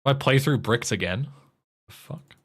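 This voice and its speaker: A man's voice: mid-range voice, animated, moderate pace. An English man streaming a game, chatting casually in a rambling way with frequent swearing and restarts. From England. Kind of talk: casual chat while playing a game.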